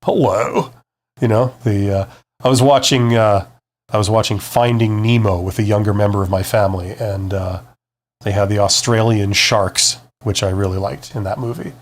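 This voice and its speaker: A man's voice: fairly low pitch, fairly even intonation, moderate pace. A man hosting a live-stream Q&A, giving career advice in a conversational, emphatic way and answering viewer comments. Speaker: career advice host, former CEO.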